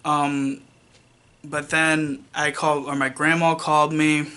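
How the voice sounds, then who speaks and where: A man's voice: fairly high pitch, flat delivery, slow pace, pushed and bright, clear, resonant tone. A young man telling a personal story on his vlog in a casual, rambling way, full of fillers and restarts, with wry self-mocking asides. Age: young adult. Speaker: vlogger.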